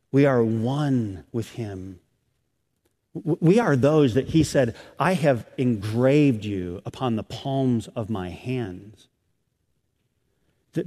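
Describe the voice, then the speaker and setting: A middle-aged man preaching a sermon as a pastor. He swells loud and high on key phrases, then drops soft and slow. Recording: long reverb of a hall.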